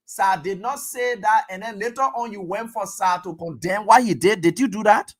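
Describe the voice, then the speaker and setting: A man hosting a call-in talk show, questioning a caller in a measured way. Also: sits high. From Liberia. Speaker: radio talk show host.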